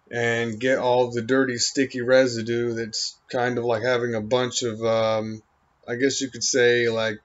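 Man, unhurried, drifting monologue thick with fillers; mid pitch; dull lo-fi sound. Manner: halting, meandering, full of "you know" and "um". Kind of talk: rambling stream-of-consciousness monologue. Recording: dull lo-fi recording.

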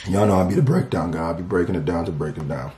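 A man hosting a music reaction video, talking in a casual, slangy and animated way as he breaks down rap lyrics. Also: low voice, rapid-fire, echoey room. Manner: animated, slangy, loose and talkative.

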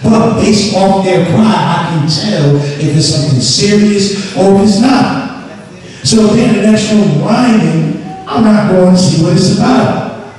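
A man's voice: sits high, a little slow, a little mellow. A man preaching a sermon with emphasis, calling on the congregation to repeat his words back to him. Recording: echoey hall from far off.

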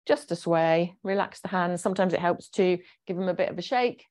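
A woman leading a gentle exercise class, chatty and encouraging as she explains each movement. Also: lowish voice, brisk. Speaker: fitness instructor.

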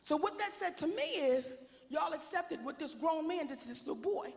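A woman working a stand-up crowd in a brassy, sassy style, her high voice roughened by gravel. She belts out her punchlines. The sound rings through a large, echoey hall. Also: expressive, normal speed. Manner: brassy, bold and sassy, often shouting punchlines. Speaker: stand-up comedian. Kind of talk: stand-up comedy set.

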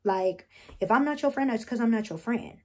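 A woman's voice: fairly high pitch, normal speed. A young woman speaking tells her side of a reality show fight, bluntly and with heavy swearing. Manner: blunt, heated, swears freely, quotes herself and others. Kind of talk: casual talking-head vlog.

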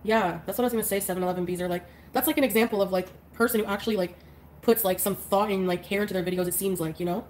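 A woman's voice: medium pitch, steady tone, racing, darkish tone, a little hiss or hum, low-quality recording. A woman chatting casually on a livestream, congested and drowsy from flu medicine, rambling with lots of fillers and small laughs. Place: bedroom.

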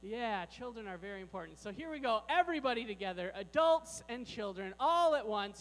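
A man with a very high voice leads a playful children's sermon, joking with the kids and the grown-ups. His voice rings out with a long reverb through a large church sanctuary. A faint mains hum sits underneath. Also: lively intonation, brisk, hardly any pauses, a bit bright.

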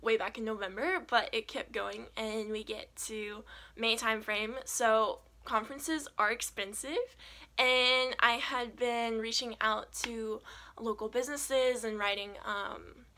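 Young woman, faith vlogger, earnest testimony, bright and slightly high voice. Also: measured pace. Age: young adult. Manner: earnest, animated storytelling with frequent "like". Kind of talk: personal testimony.

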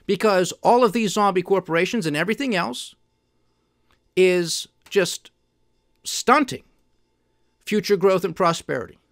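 A man delivers solo commentary in a fairly high voice, pressing his points with emphatic indignation. The sound is dry and close, with no room around it. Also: a little slow, pauses often, dry recording. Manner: emphatic, indignant, mocking quoted officials. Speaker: podcast host.

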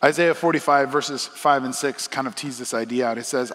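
A man preaching a sermon as pastor, talking to the congregation in a conversational way that swings from soft asides to loud, emphatic lines. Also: mid-range voice, moderate pace, few pauses, big-room sound. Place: church auditorium.

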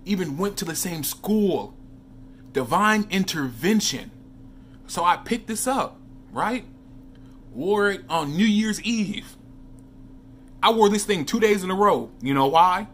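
A man's voice: high-pitched, slow pace, long pauses, a little hiss or hum. A man chatting casually in a vlog, telling stories and talking to viewers as he reviews fragrances. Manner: chatty, animated storytelling with asides to viewers.

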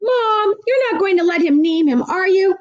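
A woman's voice: extremely high pitch, animated, moderate pace, dry recording, highs cut off, pitched above the performer's own voice. A woman voicing a sarcastic boy who complains and whines. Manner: sarcastic, whiny.

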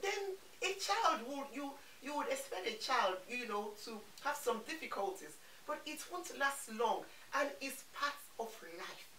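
A woman who is a mother of four, giving calm, reassuring advice to parents in a vlog and repeating key phrases for emphasis. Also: fairly high pitch, moderate pace, hardly any pauses. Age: adult parent of four. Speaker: parenting vlogger. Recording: roomy echo, faint hiss, mic at a distance.

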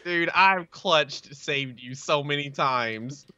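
A man's voice: a little high, slow, sharp tone, no room sound, dull audio. A man playing a video game with a friend, calling out frantic, complaining instructions. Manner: frantic, complaining calls to teammate. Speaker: fellow player. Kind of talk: casual game chat.

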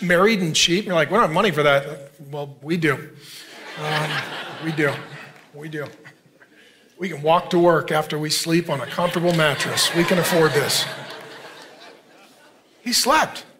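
A man in his fifties preaching a sermon as a pastor, conversational, dropping to a near hush for emphasis. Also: fairly high pitch, measured pace, pauses often, slight background noise. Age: 50s.

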